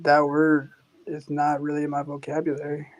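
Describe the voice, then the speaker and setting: Male guest from the South, fairly high pitch, laid-back slangy talker. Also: completely flat delivery, moderate pace, poor audio. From American South. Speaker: podcast guest. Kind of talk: casual livestream chat.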